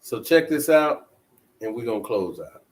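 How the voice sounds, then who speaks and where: A man's voice: mid-range voice, very animated, normal speed, low-quality recording. A man hosting a talk show, chatting casually and putting questions to his listeners. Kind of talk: casual commentary.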